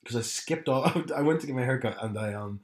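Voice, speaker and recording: Young guy, co-host, a bit hungover, easygoing and quick to laugh. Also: mid-range voice. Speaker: podcast co-host. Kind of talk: casual chat.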